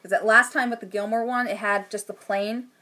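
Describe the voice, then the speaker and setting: A woman in her thirties hosting a knitting podcast, chatting casually and gushing with enthusiasm, sometimes dropping into hushed asides. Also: mid-range voice, fairly even intonation, a little fast. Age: 30s. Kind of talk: casual chat.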